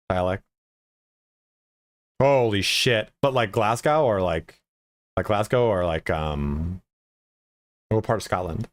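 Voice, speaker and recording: A man with a lowish voice ending a game stream, chatting loosely with his viewers. He swears constantly and rambles, stacking up filler words as he goes. The sound is dry and close, with no room around it. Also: no echo. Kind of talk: casual stream chat.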